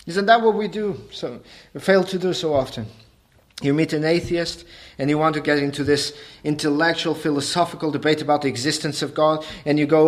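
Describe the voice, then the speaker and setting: A man preaching a sermon, emphatic and repetitive, asking the congregation rhetorical questions and building to forceful peaks. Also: on the high side, fairly even intonation, a little fast. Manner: emphatic, rising to forceful peaks, repeats phrases.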